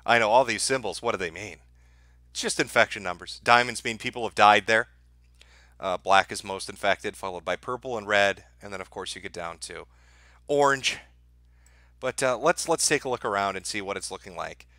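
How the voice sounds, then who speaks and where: A man's voice: mid-range voice, normal speed, bright, forceful tone, no room sound, clean studio sound. A man hosting a live stream, talking to his chat in a sarcastic, crude and profane way.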